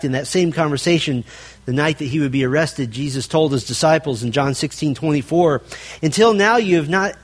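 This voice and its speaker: A male pastor delivers a sermon in an earnest, emphatic way, driving points home by repetition and speaking straight to his listeners. His voice sits a bit higher than most men's. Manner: earnest preaching with emphatic repetition and direct address.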